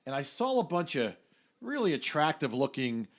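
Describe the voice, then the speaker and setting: A man's voice: on the high side, big pitch swings, normal speed. A man co-hosting a podcast in casual chat, talking in a brash, emphatic, jokey way. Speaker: podcast co-host.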